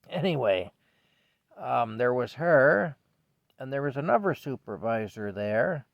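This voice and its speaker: A man's voice: mid-range voice, expressive, takes it slowly, gravelly, long pauses, no echo. An older man from Canada telling a rambling story at home, chuckling and breaking off often. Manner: rambling, chuckling, self-interrupting. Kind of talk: casual storytelling vlog. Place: indoors at home with a cat. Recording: dry, dull lo-fi mic.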